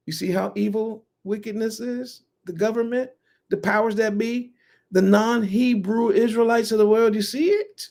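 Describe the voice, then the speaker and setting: A preacher giving a Sabbath sermon, talking slowly and emphatically, swinging from loud outbursts to hushed asides. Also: mid-range voice.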